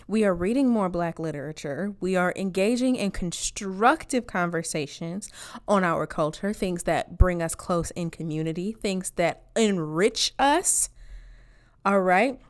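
A woman's voice: fairly low pitch, lively intonation, a little slow. A woman in a blunt, profane rant to her viewers, driving each point home with a repeated "all right?". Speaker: online commentator. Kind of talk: ranting monologue to camera.

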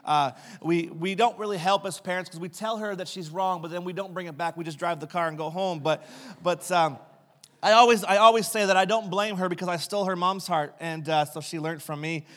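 A pastor telling funny family stories in a sermon, recorded in a church sanctuary. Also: male voice, high-pitched, steady tone, a little fast, a bit bright. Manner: humorous anecdotal storytelling.

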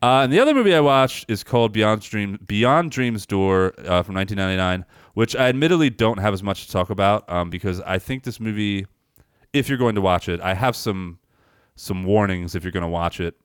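A man co-hosting a podcast, casually recapping a movie scene and acting out the characters' lines in a higher voice. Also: a little fast, clean tone, no echo, studio quality. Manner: rambling storyteller, acts out lines in a higher voice. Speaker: podcast co-host.

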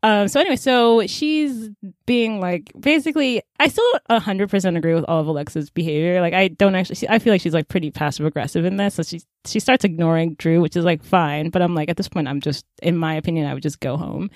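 A woman co-hosting a podcast, retelling a book's plot in a chatty, animated way, full of fillers and acted-out character lines. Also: on the low side, fast, no room sound, clean studio sound. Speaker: podcast co-host. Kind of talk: casual book-recap chat.

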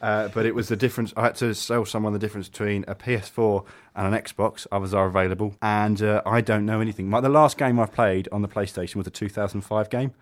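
A man's voice: on the low side, fairly even intonation, quick pace, hardly any pauses. A man hosting a radio chat show, playful and teasing, who stumbles over his questions. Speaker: radio host.

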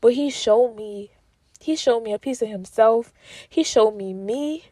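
A woman with a fairly high voice speaks tender Christian affirmations to the listener, slowly repeating each line and at times sinking to a whisper. She sounds emotional and close to tears. The recording is dry and close. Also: warm tone, no echo. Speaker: Christian encourager speaking to viewers. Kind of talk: emotional faith talk with affirmations.

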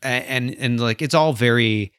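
A man co-hosting a casual book discussion, retelling scenes in an animated way and acting out the characters' lines. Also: mid-range voice, moderate pace, smooth, no echo, clean studio sound. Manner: animated storyteller, acts out quotes. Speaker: podcast co-host.

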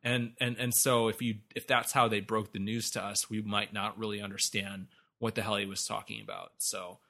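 A man with a creaky, sharp voice on the low side speaks in a level tone at normal speed. As a podcast co-host in a casual film discussion, he talks animatedly about a movie, laughing often and swearing freely.

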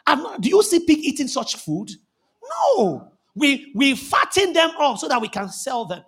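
A Nigerian-accented male pastor with a strikingly high voice delivers a fervent sermon. He shouts his key lines and repeats phrases for emphasis. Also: big pitch swings, normal speed, breathy edge.

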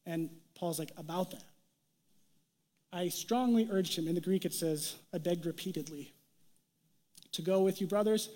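A man's voice: high voice, moderate pace, a little mellow. A young adult man preaching a casual, joking sermon as a pastor, acting out quoted voices as he goes. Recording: long hall reverb.

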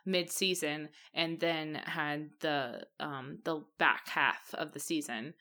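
A woman's voice: low voice, steady tone, takes it slowly, bright, forceful tone. A woman co-hosting a casual chat, laughing often and stopping to correct herself. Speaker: podcast co-host.

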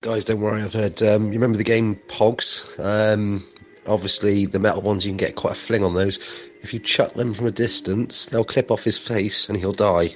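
Very deep deadpan man. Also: normal speed, lo-fi sound. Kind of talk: improvised comic chat.

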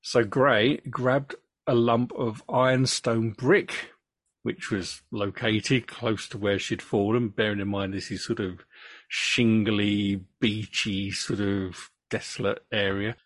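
An English man hosting a podcast, reading case notes in a true crime story with relaxed asides. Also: lowish voice, slow pace, no echo.

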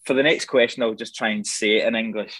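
A man's voice: lowish voice, fairly even intonation, quick pace, a bit bright, husky, no room sound. A man chatting casually on a podcast, rambling through stories and laughing often. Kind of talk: casual chat.

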